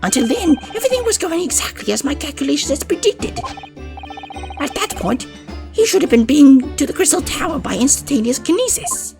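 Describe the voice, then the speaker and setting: A woman voicing an eccentric, excitable male mad scientist, high-pitched and rambling in a gushing rush, reading game dialogue aloud. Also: a little fast. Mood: defensive. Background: game music.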